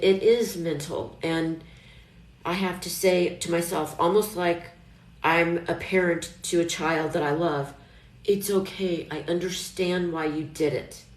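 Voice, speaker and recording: A woman's voice: sits low, darkish tone. A middle-aged woman chatting casually on a live stream, rambling and reassuring herself as she talks. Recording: echoey room.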